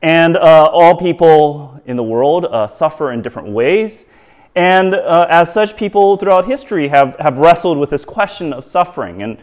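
Guy giving a sermon, lots of ums and restarts, pitch bouncing up and down a lot. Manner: halting, many fillers and restarts, asks the audience rhetorical questions. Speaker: preacher.

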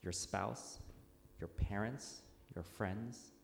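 Low-voiced male pastor in echoey church. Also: extremely slow, creaky, a little hiss or hum. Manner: informal, storytelling with fillers and restarts. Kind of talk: conversational sermon. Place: church sanctuary. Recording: echoey hall with long reverb.

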